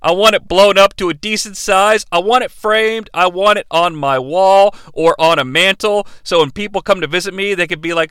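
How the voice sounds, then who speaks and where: A man recapping a movie in an animated, joking commentary style. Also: high-pitched, brisk, few pauses, clear, resonant tone, no room sound. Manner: animated, joking, breaks into impressions. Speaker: movie reviewer.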